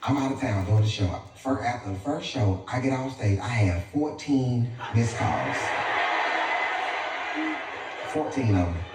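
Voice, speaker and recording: A man doing stand-up storytelling, animated and squealing in high voices when he acts out his family. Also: measured pace, pauses often, heavy reverb, noisy background. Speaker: stand-up comedian. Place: live comedy stage. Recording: far-off mic with loud crowd laughter. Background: audience laughter.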